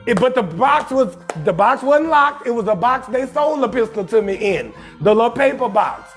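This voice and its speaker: A man comedian hosting his show, telling a profane comic story in a loud, emphatic way and often shouting his punchlines. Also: extremely high pitch, animated, normal speed, faint music behind. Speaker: comedian host.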